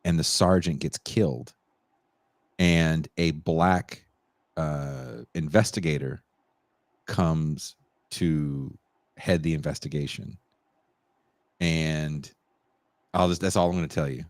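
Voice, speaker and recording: A man's voice: extremely low pitch, fairly even intonation, slow pace, long pauses, dry recording, clean studio sound. A man co-hosting a podcast in casual chat, laid-back and joking. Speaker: podcast co-host.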